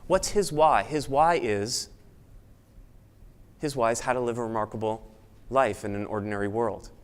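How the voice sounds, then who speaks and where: A man giving a motivational talk at a networking event, speaking with energy and now and then mimicking excited chatter in a raised voice. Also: mid-range voice, moderate pace. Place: event room with an audience.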